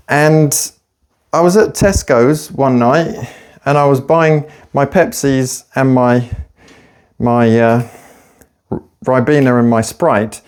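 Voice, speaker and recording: Working out at the gym, this man, a personal trainer and fat-loss vlogger, goes on a rambling, sarcastic rant full of profanity. He takes his time, with a mid-range voice that is clear and resonant.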